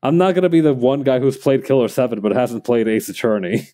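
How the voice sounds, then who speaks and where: A man's voice: medium pitch, lively intonation, a little fast, dark tone. A man streaming while he crafts, chatting casually and thinking aloud to his viewers in a rambling way.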